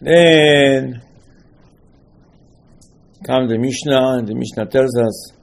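A man's voice: mid-range voice, slow, gravelly. A man teaching a Torah lesson in a loose, emphatic way, repeating phrases and firing rhetorical questions, with slightly broken English grammar. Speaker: rabbi teaching a Torah class. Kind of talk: informal religious lesson.

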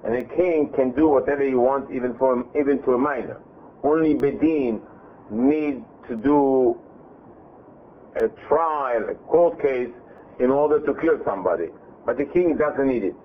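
A man teaching a Bible class, reading verses and translating them, retelling the story in a lively way with frequent self-repeats and restarts. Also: mid-range voice, normal speed. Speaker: Torah teacher. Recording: tinny phone-like line with faint hiss.

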